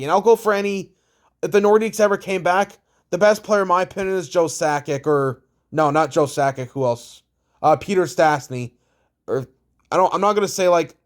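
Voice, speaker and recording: A young man from Canada speaks in a slightly higher register as he rambles through his opinions. He is blunt and swears freely, with plenty of restarts along the way. The delivery stays casual and conversational throughout. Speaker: hockey vlogger.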